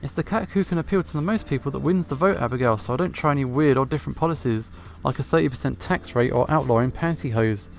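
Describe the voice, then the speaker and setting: A man's voice: mid-range voice, fast, vocal fry, few pauses, soft background music, natural voice. A man voicing an earnest male cat senator running for president, in a plain, slightly sheepish game reading. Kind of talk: visual novel voice-over reading.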